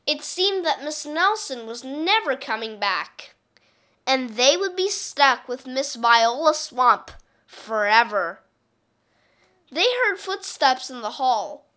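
A woman reading a children's picture book aloud in an expressive, unhurried way. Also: high voice. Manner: expressive, slow, lively reading. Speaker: storyteller.

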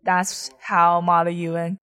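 A woman's voice: fairly low pitch, monotone, a little slow, a bit bright, clean tone. A young woman from China, a college student, chatting casually as an interview guest in with lots of fillers. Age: young adult. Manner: chatty, many fillers and likes.

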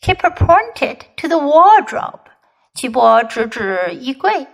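Slow, animated female story teacher. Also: high voice, vocal fry. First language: Mandarin Chinese. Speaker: English teacher. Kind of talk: bilingual children's story reading.

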